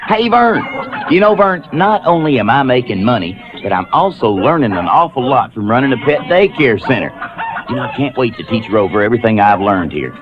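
A man's voice: mid-range voice, sing-song, brisk, lightly acted. A man playing a goofy, overconfident man-child who chats in a folksy, chummy way, from a lo-fi 1980s TV broadcast. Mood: boastful. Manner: folksy, chummy, keeps saying "know what I mean". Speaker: folksy comedy show host.

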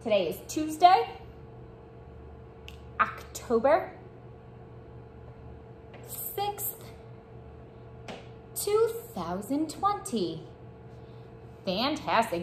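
A woman teaching young children a morning lesson, speaking slowly and encouraging them to repeat after her. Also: fairly high pitch, big pitch swings, a little hiss or hum. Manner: slow, encouraging call-and-response teaching. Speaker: preschool teacher.

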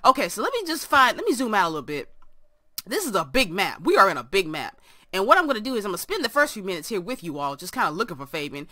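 A woman's voice: mid-range voice, big pitch swings, fast, bright, forceful tone, no echo. A young woman hosting a game let's play from her room, chatting to viewers and to the characters on screen. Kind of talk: casual game commentary.

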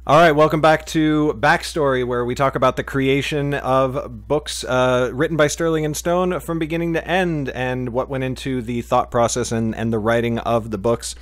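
A man's voice: medium pitch, fairly even intonation, moderate pace, few pauses, no room sound. A man hosting a casual podcast chat, rambling and joking with lots of fillers. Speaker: podcast host.

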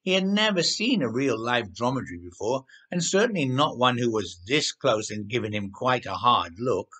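A man narrating a children's storybook in an animated, expressive way. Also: mid-range voice, normal speed, breathy edge.

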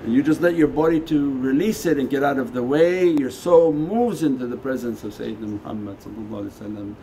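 Soft-toned male Sufi teacher, conversational. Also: mid-range voice, quick pace, slight background noise. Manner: conversational, shifting between quiet asides and emphatic lines. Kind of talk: spiritual lecture and Q&A answer. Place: meditation center hall.

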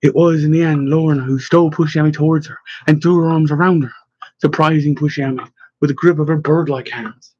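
A man narrating an audiobook in a measured, gentle way. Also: on the high side, steady tone, husky, no room sound. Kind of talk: scripted narration. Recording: slightly dull, dry recording.

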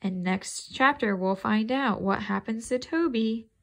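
A woman's voice: fairly high pitch, unhurried. A woman reading a children's chapter book aloud in a casual way, stopping to think aloud and quiz her listeners.

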